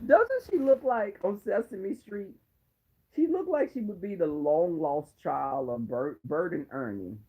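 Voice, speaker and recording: High, lively, sassy man. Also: husky, narrow, tinny audio. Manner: dramatic, sassy, animated roasting. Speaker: vlogger. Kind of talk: sassy commentary.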